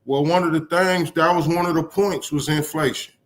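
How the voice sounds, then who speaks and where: A man's voice: fairly high pitch, fairly even intonation, moderate pace. A man co-hosting a casual live-stream chat, laid-back and rambling, with frequent swearing.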